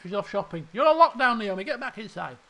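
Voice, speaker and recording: Animated man chatting on stream. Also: high-pitched, quick pace. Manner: animated storytelling, exclamatory, swears. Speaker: game streamer. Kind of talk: casual live-stream chat.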